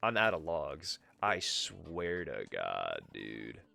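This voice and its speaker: A man's voice: very deep voice, wildly swooping pitch, slow, creaky, pushed and bright. A man streaming a game live, swearing freely and chatting with his viewers and his cat. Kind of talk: live gameplay commentary.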